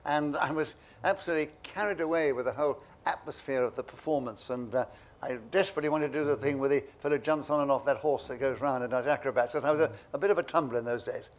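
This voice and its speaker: A man in his eighties from England, a guest telling lively, self-mocking anecdotes in an interview. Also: medium pitch, quick pace. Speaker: guest, memoir author.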